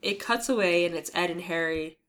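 A woman's voice: fairly low pitch, fairly quick, a bit bright, smooth. A woman co-hosting a podcast, casually recapping a TV episode with rambling asides and laughs. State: coughing. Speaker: podcast co-host.

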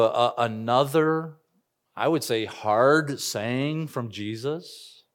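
A man preaching a sermon as a pastor, earnest and emphatic, shifting his pace and volume. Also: mid-range voice.

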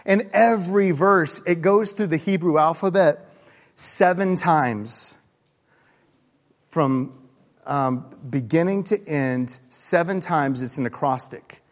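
A man preaching a sermon in a conversational, animated way, moving between hushed asides and excited bursts. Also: on the high side, slow pace. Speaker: pastor. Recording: long reverb of a large hall.

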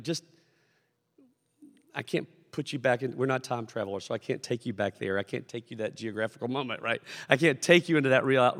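In a church sanctuary with long hall reverb, a medium-pitched pastor preaches to his congregation. He is conversational and animated, shouting out lines as he acts out his stories.

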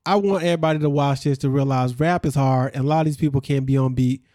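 A man's voice: medium pitch, fast talker, warm tone, dry recording, clean studio sound. A man hosting a podcast, recapping a reality show in casual chat and acting out what people said.

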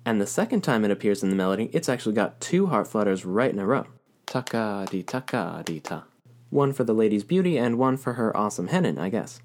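A man teaching a recorded music lesson, explaining rhythm patiently and counting beats aloud. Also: on the low side.

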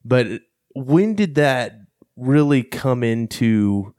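A man's voice: mid-range voice, very animated, takes it slowly, a little mellow, no echo, clean studio sound. A man hosting a podcast interview, asking long, winding questions in a laid-back way. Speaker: podcast host. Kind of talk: casual interview.

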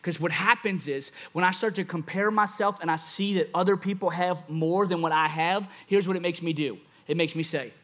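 A man preaching a sermon, animated, acting out quoted thoughts and laughing at himself. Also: high-pitched, a little fast, hardly any pauses. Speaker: pastor.

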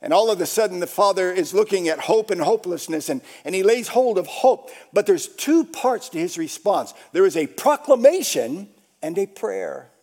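A male pastor preaching a sermon, repeating phrases for emphasis and swinging between shouts and hushed whispers. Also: high-pitched, lively intonation, moderate pace.

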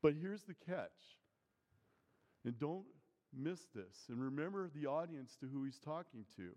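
A pastor delivering a sermon in a slightly high voice, speaking with earnest emphasis. His words carry a long reverb, as in a church sanctuary. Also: lively intonation, measured pace, warm tone. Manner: earnest, emphatic preaching with rising intensity on key phrases.

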